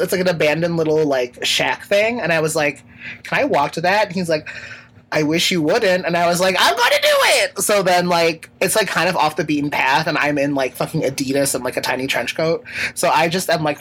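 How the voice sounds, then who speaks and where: A woman's voice: low-pitched, fairly bright tone, slight background noise, low-quality recording. A woman hosting a podcast, telling a travel story in a rambling, filler-heavy way with casual swearing and laughs. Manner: rambling, lots of fillers and restarts. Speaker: podcast host.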